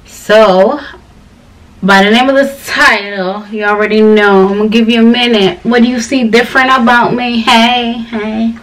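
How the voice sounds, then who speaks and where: A woman's voice: fairly high pitch, moderate pace. Girl vlogging at home, rambly casual chat, sounds a little far from the mic. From Ghana. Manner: chatty, rambling storytelling with animated quoted voices.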